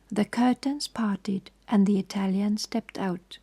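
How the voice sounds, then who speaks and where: A woman reads a bedtime story in a soft, hushed whisper. Her voice is husky and dark with a creaky, gravelly texture. She keeps an even, calm pace. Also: mid-range voice, slow, hardly any pauses. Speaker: sleep-story reader.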